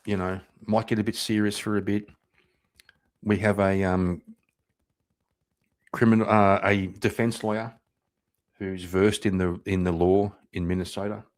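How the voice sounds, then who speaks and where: A man's voice: fairly low pitch, little pitch movement, unhurried, long pauses. A man hosting a live stream, reacting to clips in loose, profane commentary, laughing and repeating himself. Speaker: livestream host reacting to clips.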